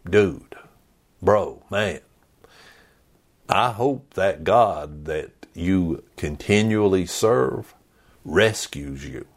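A man's voice: sits low, expressive, extremely slow, pauses often, full character voice. A man voicing a worried king who pleads with a friend in a casual, modern way. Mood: pleading.

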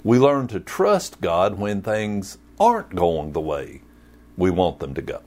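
A male pastor delivering a sermon in a slow, deliberate rhythm. His fairly low voice swings widely in pitch as he tells the story with jokes and folksy sayings. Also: wildly swooping pitch, a little mellow.

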